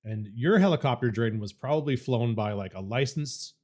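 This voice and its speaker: A man's voice: medium pitch, fairly quick, a little mellow. A young adult man on a podcast, telling a story in a casual way and swearing freely. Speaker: podcast co-host.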